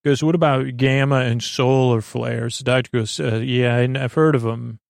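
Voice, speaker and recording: A man retells an episode in loose, rambling podcast talk, full of fillers and restarts. His middle-pitched voice has a gravelly edge. The recording is dry and close, with no room sound. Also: fairly even intonation, normal speed, no echo. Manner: rambling, many fillers and restarts, quotes characters in his own voice. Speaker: podcast host. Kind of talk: casual episode recap.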